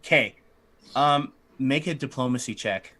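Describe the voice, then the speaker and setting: A man's voice: medium pitch, pushed and bright. A man running a tabletop game as game master, narrating and laughing often. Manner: laughs often, quick asides.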